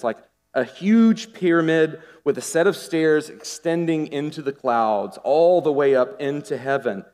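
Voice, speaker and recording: A man preaching a sermon in a lively, conversational way, asking the congregation questions as he goes. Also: medium pitch. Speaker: pastor. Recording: long hall reverb.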